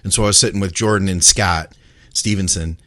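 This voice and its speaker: A man co-hosting a podcast, telling a rambling, excited story in casual chat. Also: low voice, a little fast, no room sound. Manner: rambling, excitable, laughs often. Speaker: podcast co-host.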